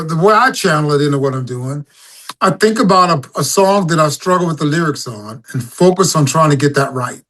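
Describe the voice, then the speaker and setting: Guy telling stage stories, kinda high voice, acts out the crowd bits. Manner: animated storyteller, acts out crowd calls. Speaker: singer-songwriter guest. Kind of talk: casual interview storytelling.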